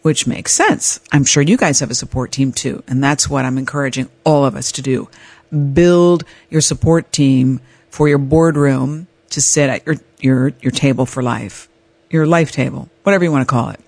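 A woman hosting an advice podcast, telling a personal story in a candid, animated way. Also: rumbling low, moderate pace, creaky, dry recording. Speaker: podcast host.

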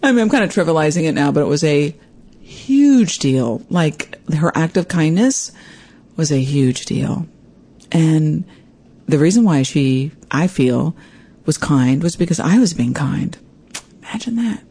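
A woman's voice: low voice, expressive, measured pace, dark tone, breathy edge. A woman hosting her own show, telling a personal story in a candid, self-deprecating and rambling way. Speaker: podcast host.

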